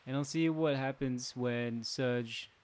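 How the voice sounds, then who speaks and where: A man's voice: mid-range voice, slow pace, a little mellow. Chatty man commenting on a game. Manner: chatty, talks to viewers, jokes and laughs. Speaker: gaming channel host. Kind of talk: casual let's play commentary.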